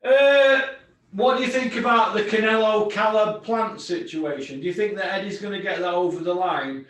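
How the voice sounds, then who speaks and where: Hosting a boxing podcast, a man rants about fights in a blunt, sweary way. His voice sits high and is a bit bright, with a moderate pace. The room is very echoey and the mic is distant.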